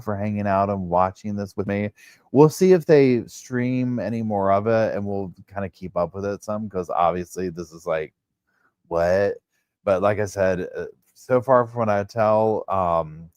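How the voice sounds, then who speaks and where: A man's voice: low-pitched, no echo, studio quality. A man hosting a true crime livestream, chatting casually and rambling in a drowsy way.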